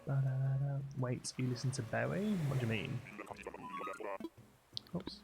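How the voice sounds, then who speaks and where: Male streamer, loose chatty delivery, average pitch, music bed underneath. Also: animated, unhurried, gravelly. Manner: rambling, chatty, laughs often. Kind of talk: casual live-stream chat. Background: game music.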